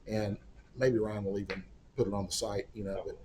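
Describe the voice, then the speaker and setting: A man's voice: lowish voice, steady tone, fairly quick, mellow, slight background noise. A middle-aged man, a singer-songwriter guest, telling a long anecdote in a casual, wry, self-deprecating way and acting out the people he quotes. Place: studio or room in Oklahoma.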